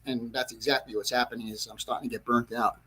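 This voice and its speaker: A man hosting a casual livestream about his model railroad, rambling and correcting himself, clearing his throat often, frustrated with a problem. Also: mid-range voice, flat delivery, fast, bright, forceful tone, a little hiss or hum. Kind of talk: casual livestream chat to viewers. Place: train layout room at home.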